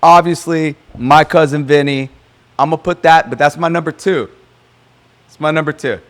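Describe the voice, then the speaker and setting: This is a man with a somewhat high voice on a casual podcast. He talks in an animated, profane way and laughs often. He comes across as a lawyer at ease with his co-host. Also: normal speed.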